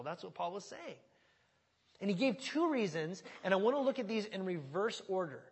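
A man preaching an expository sermon in an animated, conversational and emphatic way. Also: sits high, moderate pace, husky, in a large hall. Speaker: pastor.

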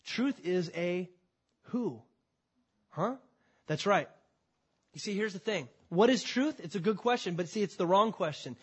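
In a church, a pastor preaches a sermon to his congregation, his voice sitting high, expressive and slightly rough. He is emphatic, swinging between loud declarations and quiet, drawn-out phrases.

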